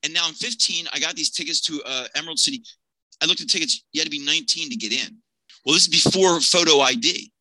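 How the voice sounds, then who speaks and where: A man in his fifties from Pennsylvania, telling a personal tale as a podcast guest with lively energy and voicing each person in it himself. His voice is very bright and forward, recorded dry and close. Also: a little high, quick pace, no room sound, low-quality recording. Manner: animated, acts out the people in his story. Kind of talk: personal storytelling.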